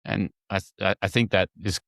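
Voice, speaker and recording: A man hosting a podcast with a very low, deep voice. He talks conversationally and often restarts his sentences. The sound is dry, with no room echo. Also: little pitch movement, fairly quick, gravelly, a bit bright. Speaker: podcast host. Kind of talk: podcast interview.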